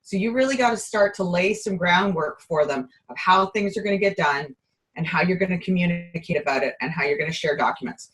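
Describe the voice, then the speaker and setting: Chatty, slightly hoarse woman guest. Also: fairly low pitch, a little fast, fairly bright tone, poor audio. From Canada. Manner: upbeat, chatty. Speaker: guest presenter, bookkeeper. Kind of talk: casual interview.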